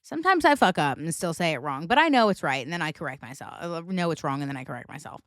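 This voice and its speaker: Swearing, animated podcast woman with a Northeastern accent. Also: low-pitched, fast, no room sound, studio quality, soft background music. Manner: animated, emphatic, swears freely. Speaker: podcast host. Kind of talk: casual pop-culture chat.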